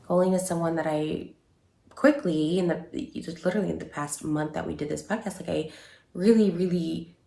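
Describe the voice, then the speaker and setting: Low, gravelly woman, halting emotional statement, echoey room. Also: steady tone, mellow. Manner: halting, many fillers and restarts. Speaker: online creator giving a statement. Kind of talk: emotional personal statement video.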